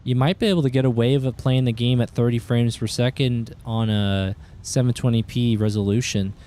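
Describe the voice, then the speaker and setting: Brief: talkative male streamer, mid-pitched, faint background hiss. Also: moderate pace. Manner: chatty, greets chat viewers, excitable outbursts. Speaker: game streamer. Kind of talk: casual live-stream commentary.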